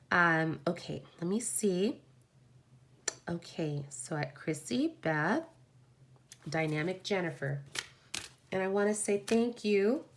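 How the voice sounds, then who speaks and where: A woman's voice: lowish voice, fairly bright tone. A woman hosting a live oracle card reading, effusive and encouraging, often exclaiming.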